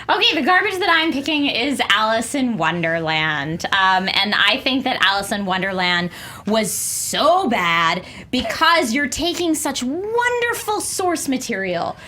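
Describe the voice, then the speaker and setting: A young woman giving an opinionated case in a comedic debate panel, lively, with quick asides. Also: on the high side, a little hiss or hum.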